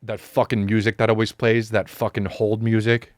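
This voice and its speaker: A man in his forties, a podcast host telling a comedic story as a profane, animated rant full of acted-out voices. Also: fairly low pitch, moderate pace, no room sound, clean studio sound.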